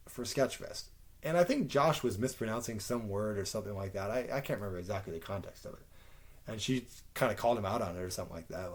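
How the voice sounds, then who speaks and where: A man, telling a story casually on a podcast, rambling and swearing, acting out the people he quotes. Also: on the low side. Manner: rambling, swears often, animated retelling with quoted voices. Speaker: podcast host.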